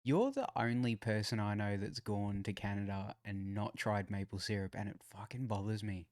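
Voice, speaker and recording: A man's voice: lowish voice, normal speed, darkish tone, no echo, clean studio sound. A man co-hosting a podcast, chatting casually, laid-back, swearing and joking. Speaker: podcast co-host. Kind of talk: casual chat.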